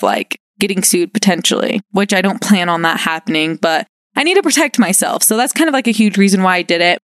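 A young adult woman hosting her own podcast, talking casually and excitedly, filling her sentences with "like". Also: medium pitch, no echo, clean studio sound. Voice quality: upbeat, chatty with many "like" fillers. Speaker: podcast host. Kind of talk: casual solo podcast chat.

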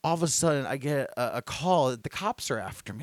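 A young man hosts a podcast in a loose, rambling way, tripping over his words and restarting sentences. He gets louder and more worked up as he retells a story. His voice sits at an ordinary middle pitch, and the sound is close and dry, with no room around it. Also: lively intonation, fairly quick, hardly any pauses, dry recording. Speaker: podcast host. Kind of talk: casual podcast chat.

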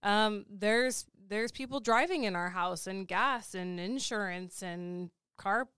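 A woman's voice: mid-range voice, slow, fairly bright tone, clean tone, no room sound, clean studio sound. A woman in her forties co-hosting a casual chat. She laughs easily and rattles off lists. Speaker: podcast co-host.

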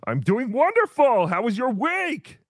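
A man playing a cheery, childish host character in a comedy livestream, talking in a sweet, drawn-out, sing-song way. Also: very high-pitched, very animated, dry recording, studio quality, exaggerated voice. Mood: chipper.

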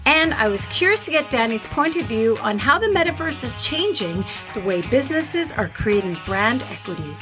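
A woman's voice: a little high, very animated, moderate pace, few pauses, over music. A woman hosting a branding podcast, reading a scripted intro and then chatting upbeat with a guest. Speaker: podcast host. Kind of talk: scripted intro then casual interview chat.

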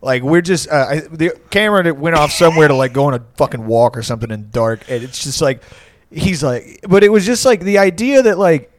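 A man's voice: fairly high pitch, fairly quick, a little hiss or hum. A man in his late twenties telling a rambling, profane story in casual chat, often breaking into laughter.

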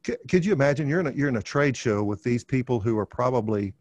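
A man's voice: medium pitch, animated, quick pace, a little mellow. A man hosting a podcast interview, telling a story in a friendly, casual way and speaking to listeners.

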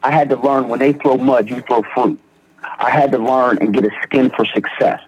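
A man's voice: mid-range voice, fairly even intonation, moderate pace, highs cut off. A young man from Philadelphia, telling his recovery story in conversation with slang and repeated starts. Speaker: guest in recovery. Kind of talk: personal testimony in conversation.

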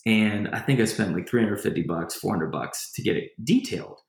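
In an echoey room, a man with a lowish voice and a brisk pace recounts a personal story as a guest in a casual interview. He rambles and keeps restarting his sentences, yet the telling stays lively.

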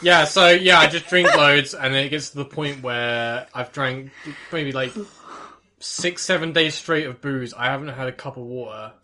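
A man's voice: medium pitch, moderate pace, background noise. A man chatting casually with friends, telling rambling, sweary stories about drinking abroad and slipping into mocking voices. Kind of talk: casual podcast chat.

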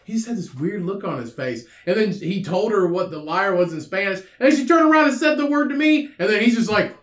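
Guy on a podcast, loud and sweary, voice swings all over, room echo. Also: sits high, brisk. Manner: loud, profane, animated storytelling. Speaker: podcast co-host. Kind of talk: casual chat. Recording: roomy echo.

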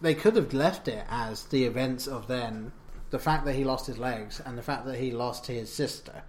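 A man's voice: medium pitch, normal speed, slight background noise. A man, co-hosting a podcast and chatting casually about a film, rambling and correcting himself as he goes. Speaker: podcast co-host. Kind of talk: casual film review chat.

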